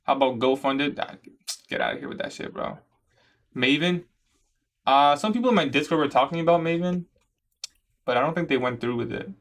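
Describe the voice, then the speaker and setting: A young man from Canada casually chatting on a trading livestream, answering viewer questions in a relaxed, slangy way. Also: a little high, moderate pace, pauses often. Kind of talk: casual livestream chat reading comments.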